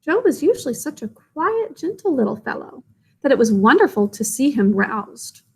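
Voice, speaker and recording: A woman reads a classic storybook aloud to young listeners, stopping often to ask them gentle questions and explain hard words. Her voice sits slightly above the usual pitch for a woman. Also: big pitch swings, normal speed, slightly rough. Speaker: storyteller reading to children. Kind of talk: read-aloud with explanations for children.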